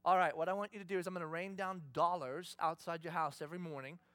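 A man voicing God as a calm, patient male deity, speaking low and quietly in a sermon. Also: fast, no echo, close to an everyday voice. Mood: reassuring.

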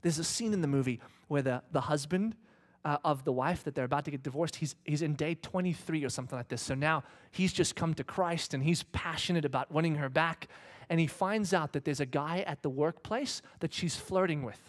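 A middle-aged male pastor preaching a sermon and retelling a story dramatically, dropping to hushed whispers and rising to loud shouts. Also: fairly high pitch, brisk, few pauses.

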